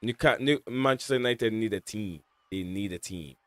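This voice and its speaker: A man's voice: fairly low pitch, normal speed, no room sound. A man hosting a live watch-along, giving casual, rambling match commentary with lots of fillers and restarts.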